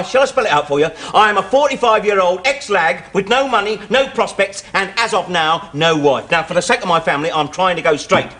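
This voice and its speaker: A man's voice: sits high, sharp tone. An actor in his forties playing a sardonic Cockney ex-convict with teasing banter. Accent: London Cockney. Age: 40s. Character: wisecracking Cockney ex-convict, forty-five, dry and sardonic.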